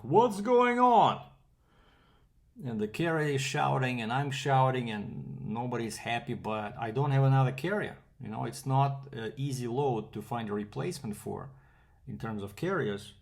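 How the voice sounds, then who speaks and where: Man, from Canada, freight broker, gravelly mid-pitched voice, casual rambling monologue, lots of fillers. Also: moderate pace. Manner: rambling, with fillers and quoted dialogue.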